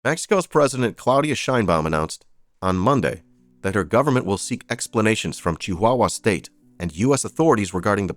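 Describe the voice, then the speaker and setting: A man's voice: on the low side, dry recording. A man hosting a live stream of political news commentary, reading out headlines with sarcastic, profane asides. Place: streaming setup.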